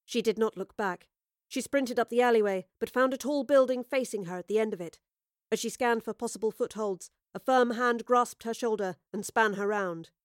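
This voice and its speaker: A woman narrating a dramatic audio story in a measured, storytelling voice. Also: fairly high pitch, no room sound, studio quality.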